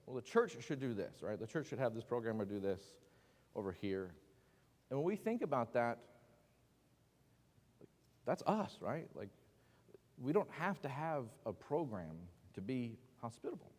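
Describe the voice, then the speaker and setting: A man's voice: medium pitch, sing-song, moderate pace, pauses often, darkish tone. A man teaching a casual Bible class at church, joking and asking the class questions as he talks. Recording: long hall reverb.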